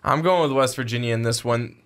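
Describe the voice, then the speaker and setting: A man co-hosting a casual sports podcast, talking in rambling, halting runs and restarting his sentences. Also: medium pitch, fairly bright tone, clean tone. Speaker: podcast co-host.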